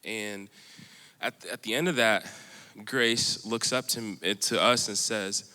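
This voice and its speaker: A man's voice: fairly low pitch, steady tone, slow pace, pushed and bright, clear, resonant tone. Rambling man telling a story in a hall. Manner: rambling, filler-heavy, laughs while telling. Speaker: panelist sharing a missions story. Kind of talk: casual storytelling on a panel. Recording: echoey hall with long reverb.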